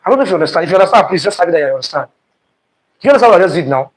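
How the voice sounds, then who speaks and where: This man's voice sits high and sounds expressive, captured on a rough recording. He's teaching physics online for exam prep, repeating terms, firing "what?" questions at students, and shifting his pace while he emphasizes terms.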